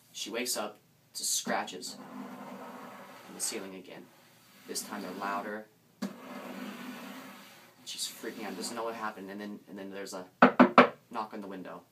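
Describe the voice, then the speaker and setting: Young man, casual ghost story, hesitant, restarts, lowish voice, distant mic. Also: sharp tone. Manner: hesitant, many restarts, suspenseful. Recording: distant mic, faint background noise.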